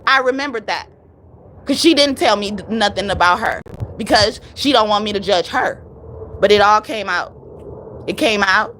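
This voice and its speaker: A woman talking through a casual live tarot reading at a mid pitch, her voice a little strained. She is animated and profane and hammers her points by repeating them. A faint hum of vehicle noise runs underneath. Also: moderate pace. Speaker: tarot reader.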